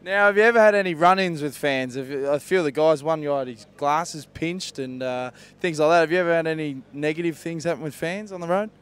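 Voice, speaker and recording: A man with an Australian accent chats with riders in a quick, jokey, mate-to-mate way. His voice sits fairly high and comes through clear and crisp. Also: a bit bright. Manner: matey and jokey, Aussie slang. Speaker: roadside interviewer. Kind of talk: casual sports interview. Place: outdoors at a bike race.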